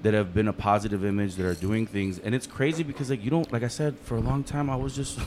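A man talking casually on a podcast, telling stories in a fast, animated, profane way. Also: on the low side, noisy background. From United States.

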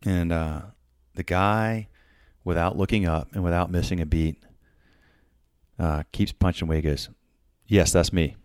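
A man's voice: sits low, fairly even intonation, normal speed, clean tone, no room sound, studio quality. A man telling a work story casually, full of fillers and restarts, acting out the quoted dialogue. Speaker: podcast host telling a story.

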